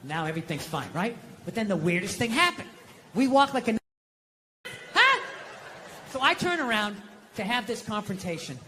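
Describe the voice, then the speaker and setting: A man's voice: high voice, sing-song, normal speed, long pauses, sharp tone, big-room sound, slight background noise. A man doing a stand-up routine, ranting bluntly and profanely with mock outrage, on stage before a live audience. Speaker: stand-up comedian.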